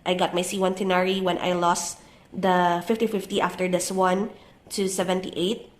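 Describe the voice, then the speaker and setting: A young woman with a cold and a stuffy nose narrates her journal flip-through in a relaxed, casual voice-over, pausing often with "uh". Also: fairly low pitch. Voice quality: soft, relaxed voice-over with many "uh" pauses. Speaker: journaling YouTuber.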